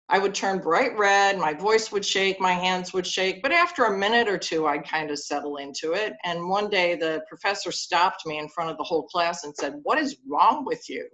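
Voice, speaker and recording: Woman priest, sermon in church, conversational storytelling, lowish voice. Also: a bit bright.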